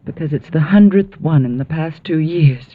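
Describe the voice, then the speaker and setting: An actress playing a spirited, earnest young niece in an old radio drama. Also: female voice, deep voice, normal speed, no echo. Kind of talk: 1940s radio acting. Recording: dull, dry old radio broadcast.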